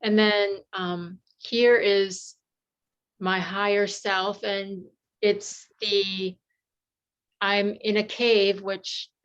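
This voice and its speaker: A woman's voice: medium pitch, little pitch movement, drawn-out words, smooth, highs cut off. A woman participant sharing hesitantly in a group workshop, with light laughter.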